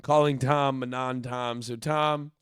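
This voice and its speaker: 20s philly dude on a podcast, rambles and stumbles, dry studio sound. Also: male voice, medium pitch, steady tone, unhurried, smooth, no echo. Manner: rambling storyteller, stumbles over words. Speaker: podcast co-host. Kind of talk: casual chat.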